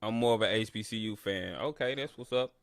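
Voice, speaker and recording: This brisk, lowish male voice is clear and resonant with a slight brightness, recorded in studio quality with no echo. He's hosting a sports listen-along stream, giving casual fan commentary straight to his chat, first boasting and mocking rivals, then ranting at the broadcaster.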